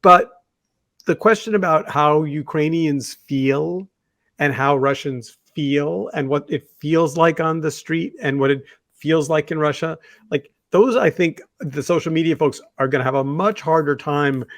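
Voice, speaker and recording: Higher-voiced man co-hosting, dry sound. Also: measured pace, fairly bright tone, no echo. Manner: conversational storyteller, rambling with fillers and restarts. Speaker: podcast co-host. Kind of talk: casual discussion.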